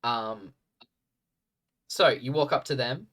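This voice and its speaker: Bright-voiced man running a tabletop game. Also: medium pitch, distant mic. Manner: halting, filler-heavy narration. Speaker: game master.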